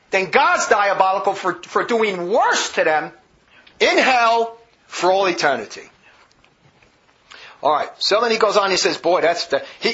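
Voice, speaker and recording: A man with a very high, bright, forceful voice delivers a combative religious monologue, hammering each point with heavy emphasis. The recording is dull and lo-fi, with the top end muffled. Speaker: religious commentator. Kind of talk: polemical monologue.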